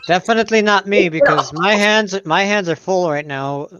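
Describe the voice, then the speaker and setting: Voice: medium pitch, normal speed, dull audio, heavy background noise. A participant joking around in casual chat on a live stream, often breaking off mid-sentence. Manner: joking, self-interrupting. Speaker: livestream participant.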